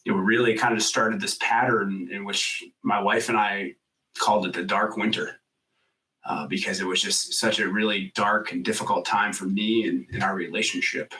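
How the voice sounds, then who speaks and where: Animated man telling a story, slightly off-mic. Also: lowish voice, moderate pace, distant mic, poor audio. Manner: animated storyteller, acts out quoted voices loudly; frequent "like" fillers, swears casually. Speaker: podcast guest. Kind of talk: storytelling in a casual interview.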